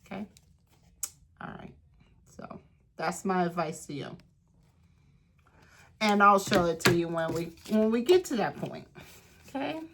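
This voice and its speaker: A woman leads a relaxed craft session and talks to herself as she works things out. She takes her time, with many pauses and restarts. Faint noise and small clicks sit behind her voice. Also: fairly low pitch. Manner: chatty, self-talking, thinking aloud while crafting; slow, unhurried delivery with frequent pauses. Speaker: craft and journaling creator. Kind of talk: casual craft tutorial chat.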